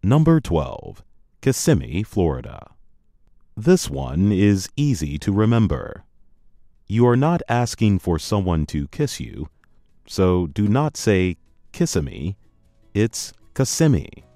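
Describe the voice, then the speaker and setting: Male co-presenter, deep and mellow, lively intonation, slow scripted teaching read. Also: dry recording, clean studio sound. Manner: slow, deliberate, teacherly reading. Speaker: co-presenter of a language program. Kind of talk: scripted educational narration.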